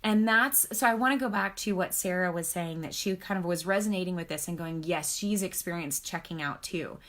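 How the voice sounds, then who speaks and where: A woman's voice: lowish voice, brisk, a bit bright. A woman marriage counselor speaking on a live stream, talking earnestly and encouragingly, checking in with her viewers and reading out their comments. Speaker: marriage counselor and author hosting a book club live stream. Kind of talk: casual teaching on a live video stream.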